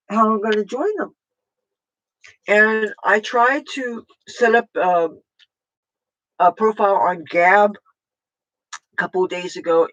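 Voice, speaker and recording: A political vlogger talking casually at home in a rambling, halting way with many fillers and restarts. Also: mid-range voice, a bit bright, low-quality recording.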